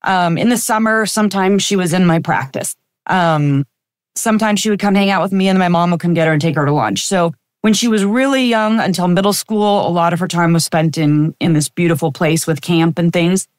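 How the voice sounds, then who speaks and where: A woman's voice: on the low side, fairly quick, clean tone, no room sound. A woman in her fifties, a chiropractor guest on a podcast, telling personal stories in a reflective, anecdotal way with frequent fillers. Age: 50s. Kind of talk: casual interview storytelling.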